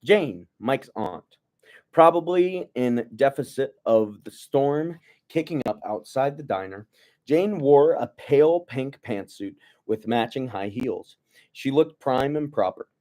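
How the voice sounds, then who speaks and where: A man's voice: medium pitch, animated, unhurried, darkish tone. Joking young man reading aloud. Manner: stumbles over words, mock-rants. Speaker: book reader. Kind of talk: casual read-aloud with jokey asides.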